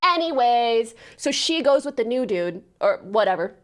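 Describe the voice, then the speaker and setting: A woman with a slightly high voice hosts a casual livestream and talks straight to her viewers. She tells the story in an animated way, swears freely and slips into quoted lines as she goes. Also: moderate pace. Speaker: livestream host.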